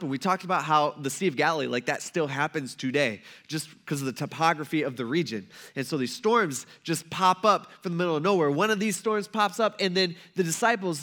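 A male pastor with a high, bright voice tells a story in an easygoing sermon. He talks loosely and acts out the characters in quick asides, jumping from loud exclamations to soft, low murmurs. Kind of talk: casual retelling sermon.

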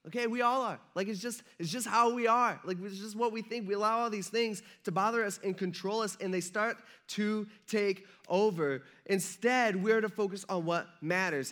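A man's voice: high voice, fairly bright tone. A man giving a casual, conversational sermon as a pastor, often checking in with his listeners. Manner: conversational, jokey, checks in with the audience.

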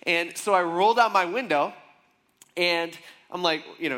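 A man's voice: high voice, moderate pace, bright, forceful tone. A man preaching a sermon as pastor, telling a personal story in a casual, conversational way with frequent asides to the congregation.

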